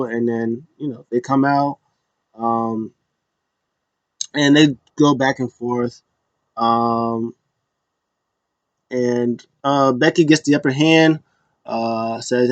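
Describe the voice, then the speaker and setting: A man's voice: medium pitch, fairly even intonation, unhurried, long pauses, no echo, poor audio. A man hosting a casual solo recap, rambling with many fillers and acting out quotes in passing. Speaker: wrestling show recap host.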